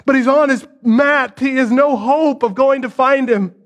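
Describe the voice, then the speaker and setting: A man preaching a sermon, retelling the story dramatically and swinging from hushed tones to loud pleas, with rhetorical questions to the listeners. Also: very high-pitched, a little slow, muffled recording.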